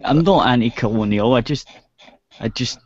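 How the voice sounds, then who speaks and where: A man's voice: medium pitch, moderate pace, a crowd in the background. A Scottish man hosting an online radio show, talking in a sarcastic, exasperated, teasing way. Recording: dull lo-fi online call.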